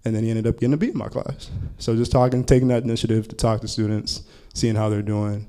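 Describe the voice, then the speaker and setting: A man's voice: lowish voice, fairly even intonation, fast talker, mellow. A man who teaches college counseling tells a story at a panel talk in a casual way, full of "like" fillers. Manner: casual, heavy use of filler "like".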